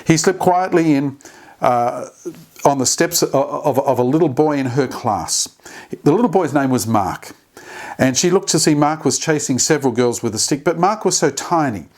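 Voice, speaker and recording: A man's voice: fairly high pitch, lively intonation, moderate pace. A man hosting a short daily devotional. He retells a story in an earnest way and makes small slips and restarts as he goes.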